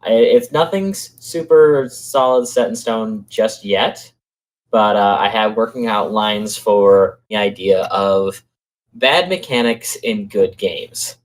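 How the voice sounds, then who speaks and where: A man's voice: on the low side, slow, low-quality recording. A man co-hosting a casual podcast chat, earnest and explaining his plans at length. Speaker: podcast co-host.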